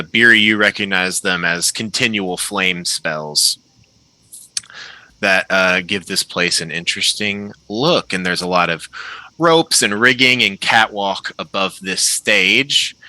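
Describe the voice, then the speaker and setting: A man narrating as game master of a tabletop game, relaxed and descriptive with frequent fillers. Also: fairly low pitch, dry recording, poor audio.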